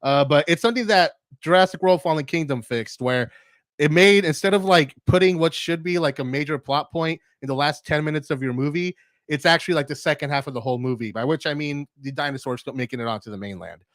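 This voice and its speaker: A man's voice: a little high, quick pace, fairly bright tone, no room sound. Rambling man chatting on a livestream. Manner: rambling, filler-heavy, with frequent restarts; reads and answers live chat. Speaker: stream host. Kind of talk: casual livestream chat.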